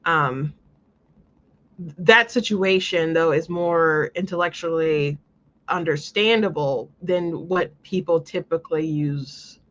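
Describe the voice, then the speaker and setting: A show host chats casually in an earnest, rambling monologue, restarting often. The voice is medium-pitched and a bit bright, moving slowly, and the recording sounds lo-fi.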